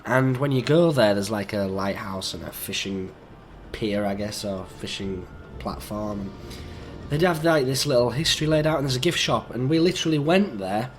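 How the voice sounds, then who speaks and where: Croaky, sick young man. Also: mid-range voice, expressive, normal speed, faint music behind. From England. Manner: rambling, chatty, easygoing. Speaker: gaming YouTuber. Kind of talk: rambling let's-play commentary.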